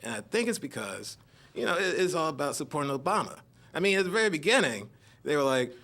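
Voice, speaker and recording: A man's voice: fairly high pitch, big pitch swings, fairly quick, pushed and bright. A man doing his first stand-up set on a club stage, nervous and rambling with fillers, into a handheld mic. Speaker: stand-up comedian.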